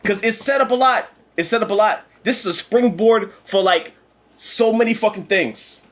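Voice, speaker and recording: A young man chatting casually about a movie he just saw, animated and profane, repeating himself and acting out lines. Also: high-pitched, normal speed. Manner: animated, profane, repeats words and acts out quotes. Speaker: movie reviewer. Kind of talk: casual chat.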